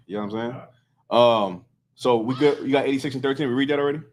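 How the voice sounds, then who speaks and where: A man's voice: medium pitch, fast. Chatty man leading scripture talk. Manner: loose and talkative, constantly checking in with listeners. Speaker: scripture teacher leading a study group. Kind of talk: conversational street-style scripture teaching.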